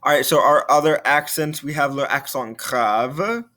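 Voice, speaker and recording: A man's voice: a little high, moderate pace, pushed and bright. Man teaching a recorded French lesson. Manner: explaining patiently, repeats key points.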